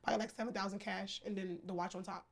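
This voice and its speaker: Fast-talking slangy woman telling stories. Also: medium pitch, creaky. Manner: slangy, animated, swears freely. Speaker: guest. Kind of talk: casual storytelling interview.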